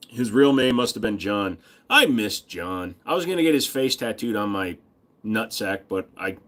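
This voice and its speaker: A man's voice: medium pitch, a bit bright. A man hosting a casual livestream, bantering with chat in a crude, profane, joking manner. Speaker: livestream host.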